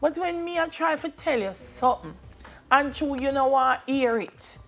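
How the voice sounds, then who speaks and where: A woman's voice: sits high, animated, normal speed, soft background music. A young Jamaican woman co-hosting a morning TV show in a playful, casual way that slips into patois. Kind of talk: casual chat. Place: TV studio.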